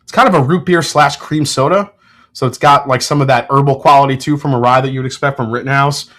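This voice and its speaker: A relaxed man chats through a whiskey tasting on a livestream. His voice sits in a middle pitch, and he talks in a loose, joking way. He swears freely and banters with the people in his chat. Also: fast. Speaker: whiskey reviewer hosting a livestream.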